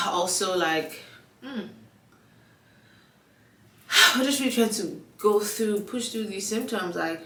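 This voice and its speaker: A woman's voice: mid-range voice, slow, pauses often, bright, forceful tone, far from the mic. A young woman vlogging in a casual chat with a stuffy nose and a frog in her throat, full of fillers and acted-out dialogue. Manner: chatty, lots of fillers, acts out quoted dialogue. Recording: echoey room, away from the mic.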